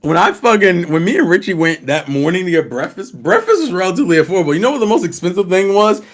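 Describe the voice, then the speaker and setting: A man's voice: high-pitched, lively intonation, fast. A man co-hosting a casual podcast chat, laid-back and profane, explaining things at length. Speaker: podcast co-host.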